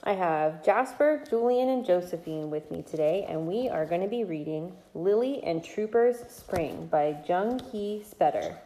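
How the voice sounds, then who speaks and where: A woman hosting a reading show for small children, reading a picture book aloud in a slow, playful, sing-song way and asking the children questions. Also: fairly low pitch, animated, mellow.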